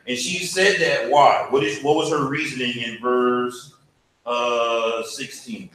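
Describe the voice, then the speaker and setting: A man's voice: medium pitch, fairly even intonation, slow pace, a bit bright. A man teaching a church Bible class in a casual, conversational way, often asking the class questions. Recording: very echoey room, faint hum.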